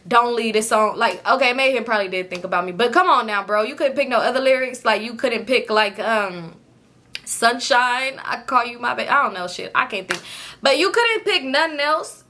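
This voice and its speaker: A young woman, telling a story to her viewers in an animated, profane, casual way. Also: fairly high pitch. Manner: animated, profane, quotes people in lively voices.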